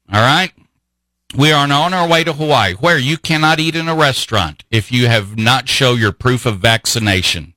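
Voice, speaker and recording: A man's voice: medium pitch, bright, forceful tone, dry recording, poor audio. A man hosting a talk radio show, delivering an impassioned political monologue full of rhetorical questions. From grew up in Vienna.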